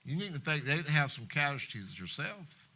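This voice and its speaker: A man preaching in church with a piercing, sharp-edged voice that sits fairly high for a man. He swings between hushed passages and loud, impassioned emphasis, and reads scripture in old King James wording. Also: very animated, moderate pace. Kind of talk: sermon. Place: church live stream.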